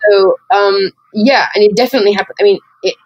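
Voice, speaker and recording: A woman's voice: mid-range voice, fairly even intonation, quick pace, gravelly, no room sound. Woman podcast co-host, candid, meandering with fillers; muffled, close and dry. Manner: rambling, many "like" fillers, reflective. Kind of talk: candid conversational chat.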